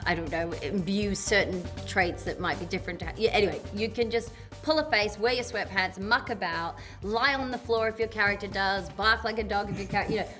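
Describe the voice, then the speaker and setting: A woman's voice: mid-range voice, brisk, hardly any pauses, bright, forceful tone, soft background music. A woman who is an actress, answering an interview question in a rambling, self-interrupting way. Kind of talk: casual interview.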